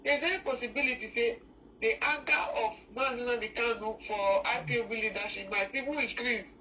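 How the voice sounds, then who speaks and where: A woman's voice: on the high side, pushed and bright. A Nigerian woman calls in to a talk show, her voice sounding distant from the mic. She speaks with feeling and often stops and restarts her sentences. A faint noise runs under the call. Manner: emotional, halting, many restarts. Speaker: caller. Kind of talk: call-in discussion, mixing English and Pidgin.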